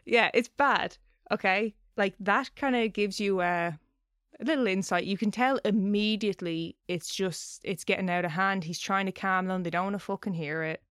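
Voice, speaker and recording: A woman's voice: medium pitch, normal speed, fairly bright tone, no room sound, studio quality. A woman co-hosting a podcast, telling a story in a loose, chatty way and swearing casually. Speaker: podcast co-host.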